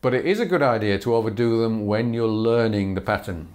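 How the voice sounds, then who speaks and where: A man's voice: lowish voice, fairly quick. A man teaching a fiddle lesson, explaining patterns in an easy, chatty way with small laughs and fillers. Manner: relaxed, explanatory, chuckles and fillers, counts bows aloud. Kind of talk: instructional lesson.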